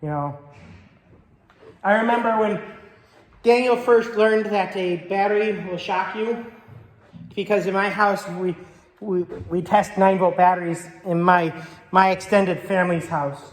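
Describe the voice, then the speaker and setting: A man's voice: sits high, fairly even intonation, a little slow, pauses often. A man preaching a sermon as pastor, conversational and joking, telling stories about his family. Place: church sanctuary. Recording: echoey church with long reverb.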